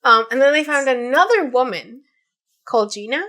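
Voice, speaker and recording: Bright-voiced chatty young woman. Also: high voice, moderate pace. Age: 20s. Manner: chatty, many fillers, quotes people in lively voices. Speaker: podcast co-host. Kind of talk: casual chat, retelling a story.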